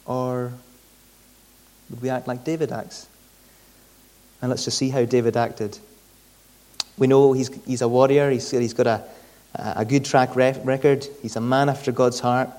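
A man's voice: medium pitch, steady tone, measured pace, pauses often, a little mellow. Man preaching, stumbling and repeating. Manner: conversational, often repeats words mid-sentence. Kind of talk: sermon.

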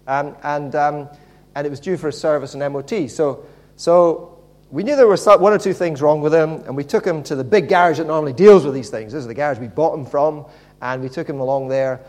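A man's voice: fairly high pitch, brisk, a little mellow. A man preaching a sermon, often stalling and repeating words as he goes.

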